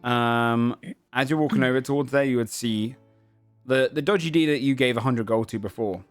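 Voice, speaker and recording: A man's voice: medium pitch, moderate pace, clear, resonant tone, dry recording, soft background music. A man narrating a tabletop game as game master, speaking casually and filling his lines with "um" and "kind of". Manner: casual, many fillers and hedging "kind of".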